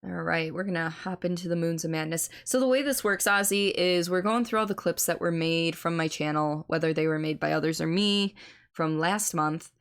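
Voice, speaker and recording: A woman's voice: lowish voice, moderate pace, smooth. A woman streamer chatting casually with her viewers and commenting on gameplay clips, swearing freely and laughing at herself.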